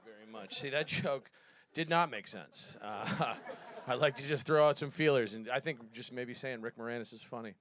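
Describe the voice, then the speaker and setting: On a live stage with background noise, a man in his thirties performs a rambling, self-deprecating stand-up set and often laughs at his own jokes. His voice is medium in pitch and moves at a normal speed.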